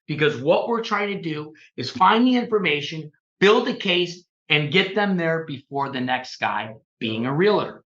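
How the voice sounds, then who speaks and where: A fairly high-voiced man tells a story in a bright, forceful way and acts out each exchange as he goes. He sounds like a realtor on a podcast. The sound is dull and lo-fi, and the room echoes. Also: normal speed, few pauses. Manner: animated, acts out quoted dialogue. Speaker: realtor guest on a real estate podcast. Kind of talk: casual storytelling.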